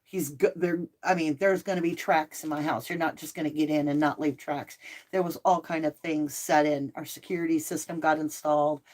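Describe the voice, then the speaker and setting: A middle-aged woman hosts a casual livestream and talks in a loose, chatty way. Her voice sits a little low, and she answers viewers as she goes. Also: fairly even intonation, brisk, darkish tone. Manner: chatty, reads out viewer comments. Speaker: livestream host.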